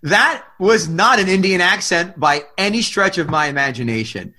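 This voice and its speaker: A man's voice: high voice, expressive, moderate pace, pushed and bright. A man co-hosting a podcast, chatting casually with playful jokes and teasing. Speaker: podcast co-host.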